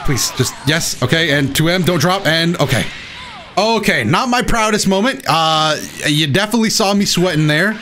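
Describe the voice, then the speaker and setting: A young man giving excitable, self-mocking live commentary while playing a fighting game. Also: fairly high pitch, moderate pace, slight background noise. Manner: excitable, self-mocking, shouts at big plays. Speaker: gaming YouTuber. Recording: game music playing behind. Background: game music.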